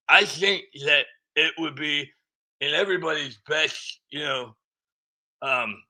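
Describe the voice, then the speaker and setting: Bossy older woman politician, stern and scolding, in a bright higher voice, put on by a man. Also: slow, heavily acted, low-quality recording. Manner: lecturing, scolding.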